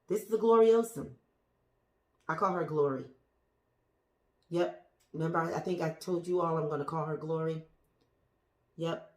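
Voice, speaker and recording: A plant vlogger whose voice sits on the low side gives a casual show-and-tell of her houseplants, talking straight to the camera. She's chatty and gushing and drops to a whisper at times, recorded indoors among the plants in an echoey room.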